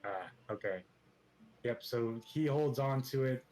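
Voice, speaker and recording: A man narrating as game master of a tabletop role-playing game, relaxed and full of hesitations. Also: medium pitch, measured pace, poor audio. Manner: relaxed, hesitant with many fillers.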